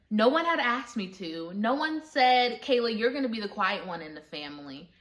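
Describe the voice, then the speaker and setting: A woman's voice: mid-range voice, pushed and bright. A young adult woman talking to viewers in a candid personal vlog, earnest and confessional, often laughing. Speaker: vlogger.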